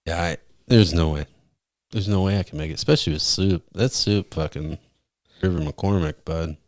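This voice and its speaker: Man, very deep voice, crude storyteller, podcast co-host, dry close mic. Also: moderate pace, darkish tone, no echo. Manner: profane, storytelling, mimics friend in high voice. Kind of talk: crude casual chat.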